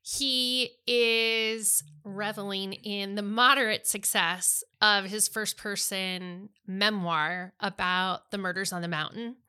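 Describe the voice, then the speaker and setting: A woman's voice: medium pitch, fairly even intonation, takes it slowly, hardly any pauses, sharp tone, clean tone. A middle-aged woman co-hosting a podcast, chatting enthusiastically about books. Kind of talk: casual chat about books.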